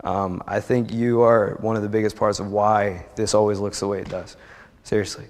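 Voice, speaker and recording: A man's voice: fairly low pitch, flat delivery, normal speed. A young man from New Jersey telling a heartfelt personal testimony at a church service, chatty and rambling with many restarts. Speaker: church member giving a testimony. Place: church sanctuary. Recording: long reverb of a church hall.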